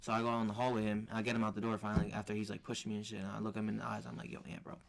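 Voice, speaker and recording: Young male co-host, fast and low-voiced, rambling slangy storyteller who curses freely. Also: monotone, gravelly. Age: young adult. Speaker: podcast co-host. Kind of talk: casual storytelling chat.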